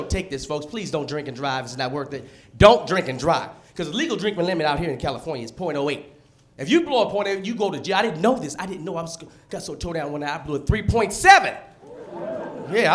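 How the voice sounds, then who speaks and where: A man from the United States performing a stand-up comedy set on a club stage with punchy, animated delivery. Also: a little high, fast talker. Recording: live club set with audience laughter. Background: crowd laughter and room noise.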